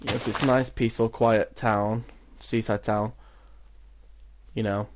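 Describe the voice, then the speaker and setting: Rambling teen gamer, lo-fi. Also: male voice, fairly low pitch, level tone, measured pace, slight background noise. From England. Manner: rambling, storytelling with lots of "like". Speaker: gaming channel host. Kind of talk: casual gameplay chat.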